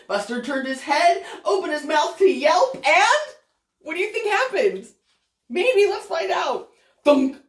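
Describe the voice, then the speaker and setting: Woman, children's storyteller, higher voice, very lively pitch, echoey room. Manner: animated, pauses to ask listeners questions. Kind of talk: reading a picture book aloud to children.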